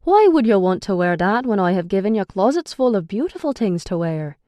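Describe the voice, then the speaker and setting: A woman's voice: medium pitch, sing-song, brisk, mellow, no echo, clean studio sound, natural voice. A woman voicing a bossy, hot-tempered supernatural young man who scolds and commands. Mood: baffled.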